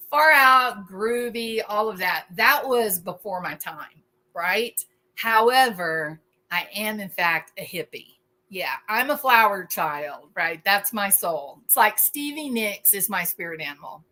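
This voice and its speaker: A woman in her forties hosting a casual livestream, animated and wry, laughing often as she reacts to chat. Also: mid-range voice, measured pace. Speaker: host.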